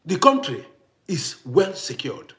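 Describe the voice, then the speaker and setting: Vlogger, male, parent of adult kids: high voice that swings widely, hammers each point home. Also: wildly swooping pitch, takes it slowly, a bit bright. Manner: emphatic, repetitive, challenging. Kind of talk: ranting to camera. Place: living in Austria.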